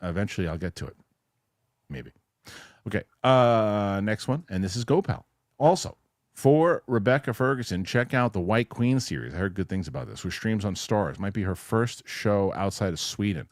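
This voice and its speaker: A man with a fairly low voice chats casually as co-host, reading out viewer comments and spinning rambling, animated anecdotes. His voice is recorded dry and close, with no room sound. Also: moderate pace, dry recording. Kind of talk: casual chat.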